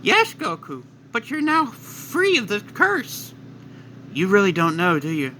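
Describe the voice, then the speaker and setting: A man voicing a kindly older male deity who gently explains things as a mentor. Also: high-pitched, huge pitch swings, unhurried, slight background noise, voice pushed up, exaggerated voice. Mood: gentle.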